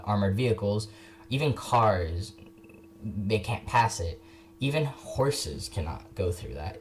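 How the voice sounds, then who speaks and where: A man's voice: fairly low pitch, a little hiss or hum. A young man talking casually about history in a video, rambling, restarting sentences and correcting himself. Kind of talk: casual unscripted history talk.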